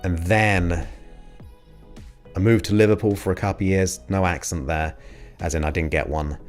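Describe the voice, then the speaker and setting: With a low-pitched, steady voice at normal speed, an English man hosts his show as a casual livestream, chatting enthusiastically with viewers while faint music plays behind him.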